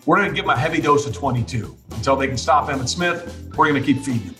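A man's voice: medium pitch, fast talker, sharp tone, echoey room, soft background music. A man hosting a casual interview who leads with questions and recaps facts. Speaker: podcast host.

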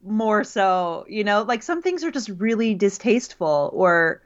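A woman's voice: mid-range voice, lively intonation, measured pace. Chatty woman with a dull recording. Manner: chatty, laughs often, many fillers. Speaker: podcast co-host and college writing teacher. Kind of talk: casual conversation.

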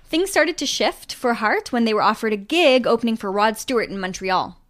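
Woman podcast host narrating a band story, lively and chatty. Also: a little high, normal speed. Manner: animated storyteller, trailing off with fillers. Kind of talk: casual storytelling chat.

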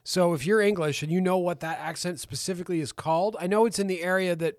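A male podcast co-host rambles and jokes through a casual film chat, swearing freely. His voice sits a little high, and the recording is dry and close, with no room sound. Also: fast talker, dry recording. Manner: profane, joking, rambling.

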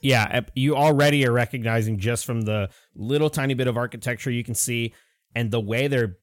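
A man's voice: medium pitch, a little fast, dry recording, studio quality. A man narrating as game master in a tabletop role-playing game, casual and descriptive with frequent fillers.

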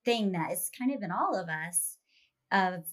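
A woman's voice: medium pitch, animated, a little slow. A woman co-hosting a podcast, talking things through thoughtfully, sometimes searching for words. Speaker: podcast co-host. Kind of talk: casual podcast chat.

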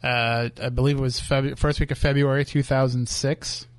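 A man's voice: mid-range voice, level tone, moderate pace, smooth, no room sound. A man hosting a radio show from a studio, chatting casually with his co-host and laughing often. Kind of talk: casual on-air banter. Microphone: studio microphone.

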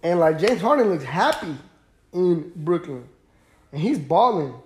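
Young dude podcast host, slow easy sports chat, kinda high voice. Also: male voice, big pitch swings, slight background noise. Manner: laid-back, rambling, lots of fillers and repeats. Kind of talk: casual sports talk.

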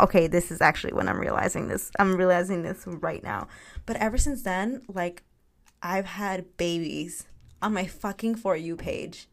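A young woman hosting a podcast on her own, telling her dreams in a candid, animated way, with frequent laughs and swearing. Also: medium pitch. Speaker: podcast host. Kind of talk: casual solo podcast chat.

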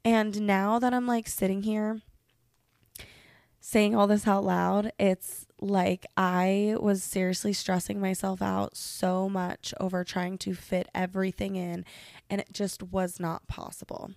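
A woman's voice: medium pitch, flat delivery, a little slow, a little mellow, no echo. A young woman hosting a podcast, venting candidly and casually with frequent swearing and lots of "like". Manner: candid, profane, heavy use of "like". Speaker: podcast host.

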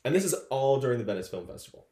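A young man co-hosting a chatty podcast, gossiping with animated energy and slipping into little impressions of the people he talks about. His pitch swoops up and down all the time. The room around him sounds echoey. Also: rapid-fire. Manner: animated gossiping, acts out quotes. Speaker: podcast co-host. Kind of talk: casual chat.

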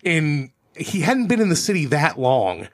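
A man's voice: fairly high pitch, wildly swooping pitch, measured pace. A man co-hosting a casual podcast, telling a rowdy story with swearing and acted-out quotes. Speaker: podcast co-host.

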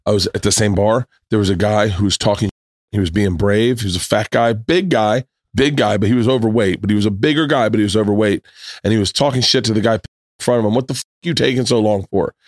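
A middle-aged man from the United States telling animated stories in casual chat, acting out the people he quotes. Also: fairly low pitch, fast, no echo, clean studio sound. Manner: animated storyteller, acts out quotes in raised voice.

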